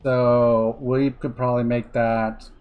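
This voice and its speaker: A man's voice: medium pitch, little pitch movement, slow pace, smooth, phone-quality sound. A man streaming a strategy game, chatting casually, muttering to himself, and swearing when things go wrong. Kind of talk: casual gameplay commentary.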